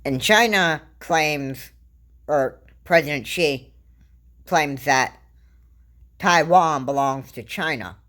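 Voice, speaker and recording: Woman vlogger, low voice, slow unhurried delivery, rambling casual commentary, halting restarts. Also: a bit bright.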